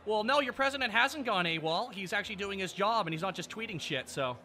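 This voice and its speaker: A male streamer rants and chats with his viewers, sardonic and full of swearing. His voice sits fairly high and swings widely in pitch, with a very bright, forceful edge. Faint music runs underneath. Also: lively intonation, brisk. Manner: sardonic, profane, ranting. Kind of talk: casual live-stream chat.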